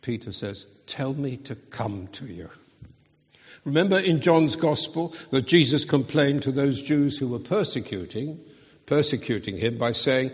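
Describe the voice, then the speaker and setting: A man preaching a sermon at a slow, deliberate pace. His delivery is earnest and emphatic. The sound is dull and rings with a long hall reverb. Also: medium pitch, expressive.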